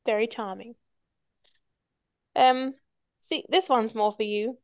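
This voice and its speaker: Woman host, chatty, gravelly edge, dull lo-fi audio. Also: a little high, takes it slowly, dry recording. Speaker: podcast host. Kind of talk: casual chat. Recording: dull lo-fi recording.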